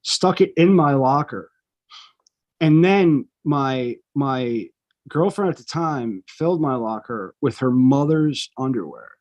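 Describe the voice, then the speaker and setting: A man's voice: mid-range voice, expressive, slow pace, a little mellow, lo-fi sound. A middle-aged man, a podcast co-host, telling a profane story in casual chat and acting out the people in it.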